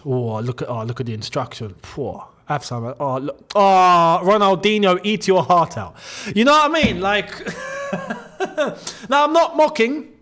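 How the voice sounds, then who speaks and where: A man hosting his own football channel, talking straight to his viewers in a jokey, animated way. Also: on the high side. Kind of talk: casual football commentary vlog.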